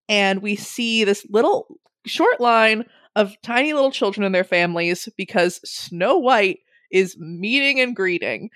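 A young woman telling a funny story in a casual way, animated, laughing often and swearing freely. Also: medium pitch, no room sound, clean studio sound.

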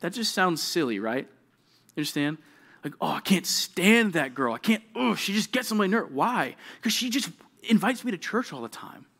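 Youngish guy giving a youth sermon, kinda high voice, lots of "right? okay?" check-ins. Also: normal speed, gravelly. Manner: animated, acts out quoted kids, many "right?" and "okay?" check-ins. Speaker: youth pastor. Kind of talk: sermon to junior high students.

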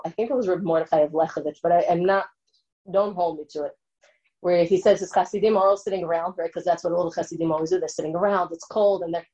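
A woman's voice: on the low side, warm tone, lo-fi sound. A woman lecturing and answering an audience question in an earnest way, often checking in with her listeners.

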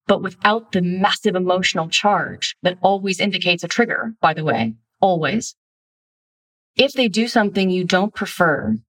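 A woman's voice: mid-range voice, recorded from a distance. A woman talking as a relationship coach, giving direct, emphatic self-help instruction in a blunt manner.

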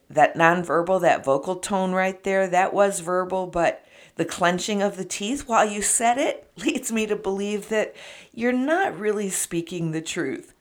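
A woman giving earnest, encouraging relationship advice, speaking straight to her viewers. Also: fairly low pitch. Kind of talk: advice talk to camera.

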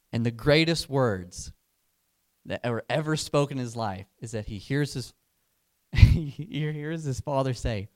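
A man giving a sermon, telling a story with rising energy and then slowing down and softening for emphasis. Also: medium pitch. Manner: animated, building excitement in the story. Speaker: preacher.

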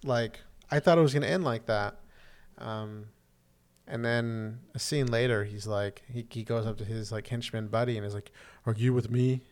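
A man's voice: on the low side, steady tone, moderate pace, clear, resonant tone. A man chatting casually as a podcast co-host, recapping a TV episode with lots of ums and restarts. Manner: rambling, many "um"s and restarts, acts out quotes.

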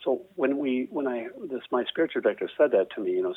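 A man's voice: mid-range voice, expressive, fast, hardly any pauses, breathy edge, dry recording. A man, a father and podcast guest, earnestly explaining with frequent "right?" tags. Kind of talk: casual interview answer. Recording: tinny phone-like call line.

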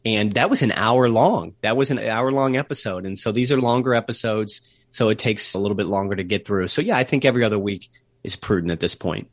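A lower-pitched man co-hosts a travel podcast from a remote call, talking through history and places in an explanatory way. He slows down to lean on key words. The sound is dry and close. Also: dry recording. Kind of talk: casual podcast chat.

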